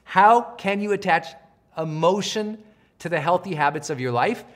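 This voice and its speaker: A middle-aged man, a high performance coach, giving a lively motivational training talk and acting out quotes in a raised voice. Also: moderate pace. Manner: animated, acts out quotes in a raised voice.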